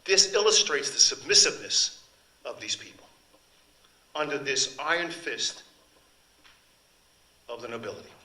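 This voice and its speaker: A man's voice: mid-range voice, expressive, unhurried, long pauses, bright, forceful tone, reverberant, slight background noise, low-quality recording. An older man, a translator giving a book talk, speaking in a chatty, digressive way about the text. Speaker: author and translator presenting his book. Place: event hall.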